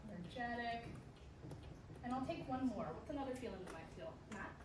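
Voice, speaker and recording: Her voice is slightly high, with lively intonation and a brisk pace, as this woman coaches a school band through rehearsal instruction. She stays upbeat and encouraging, singing rhythms to the players, while instruments sound behind her in an echoey room picked up by a distant mic.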